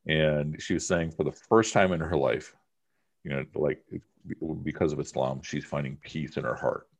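Male teacher with an extremely low, deep voice, chatty and emphatic in class. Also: fairly even intonation, normal speed. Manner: conversational, emphatic, uses many fillers. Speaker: religion teacher. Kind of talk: informal class discussion.

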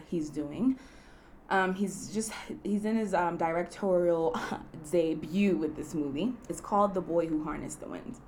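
A woman's voice: low voice, slight background noise. A young woman from Kenya hosting her own podcast in a casual, chatty way, laughing often and leaning on fillers like "you know.". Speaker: podcast host. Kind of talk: casual solo podcast chat.

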